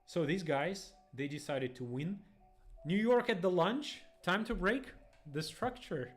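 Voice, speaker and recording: A young man, rambling excitedly through live trading stream commentary in phrasing. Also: high-pitched, measured pace, faint music behind. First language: Russian. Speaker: day trader streamer.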